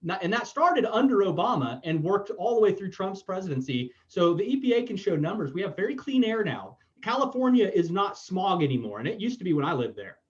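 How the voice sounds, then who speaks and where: A blunt, opinionated podcast host from Florida who swears as he chats. He talks fast in a high voice that swings widely in pitch. The audio is dull and lo-fi. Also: big pitch swings. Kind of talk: casual opinionated chat.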